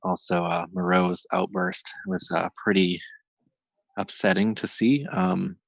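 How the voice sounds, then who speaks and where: A man making a halting, rambling public comment at a council meeting over a remote line. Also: low-pitched, vocal fry, dry recording, rough recording. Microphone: remote call-in.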